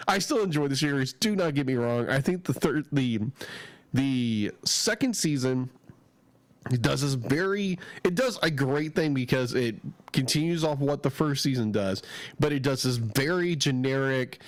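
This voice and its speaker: A man co-hosting a podcast chats casually and enthusiastically at normal speed, his expressive voice on the high side. He has a head cold and rambles, restarting his sentences, with no room sound in the recording.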